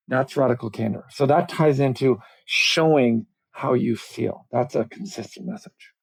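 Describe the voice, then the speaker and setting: A man's voice: mid-range voice, unhurried, gravelly, slightly rough, poor audio. A middle-aged man, a communications coach, speaking animatedly on a video call interview. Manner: animated, explanatory, self-deprecating. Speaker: communications coach, podcast guest. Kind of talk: conversational podcast interview.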